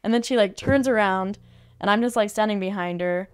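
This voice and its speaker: A woman guest on a podcast recalls an experience in a relaxed, chatty way, filling her sentences with "like". Her voice is smooth and clear and sits at an ordinary middle pitch. The sound is dry and close, with no room echo. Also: a little fast. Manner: chatty, peppered with "like" fillers. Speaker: podcast guest, art facilitator. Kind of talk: casual storytelling. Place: podcast studio.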